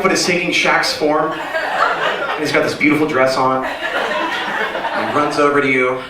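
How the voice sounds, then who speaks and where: This comedian's voice runs on the high side, lively in intonation and unhurried, with frequent pauses. He rambles through a self-deprecating open-mic set on a small club stage, breaking into silly voices, captured by a distant mic in a noisy, echoey room.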